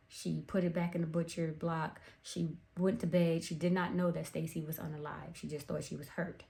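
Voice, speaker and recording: A woman with a fairly low voice retells a true crime movie plot in a loose, conversational way. She breaks off for wry personal asides. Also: creaky, dark tone. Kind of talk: casual storytelling recap.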